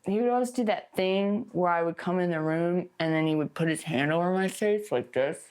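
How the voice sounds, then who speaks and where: A woman's voice: lowish voice, fairly quick, a little mellow, soft background music. A young woman speaking in a mockumentary-style interview, chatty and exasperated, with plenty of "like" and "um" fillers.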